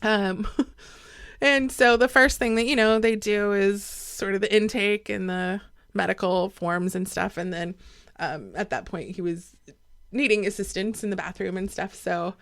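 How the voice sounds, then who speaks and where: A woman's voice: medium pitch, fairly even intonation, measured pace, fairly bright tone, no echo, studio quality. A woman guest on a podcast, telling stories in a casual conversation and laughing often.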